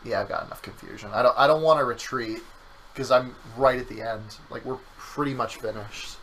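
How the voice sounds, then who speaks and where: A man streaming a game, thinking aloud about his moves and reading the chat in a low-key way. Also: a little fast, fairly bright tone, slight background noise, rough recording. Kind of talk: casual let's-play chat.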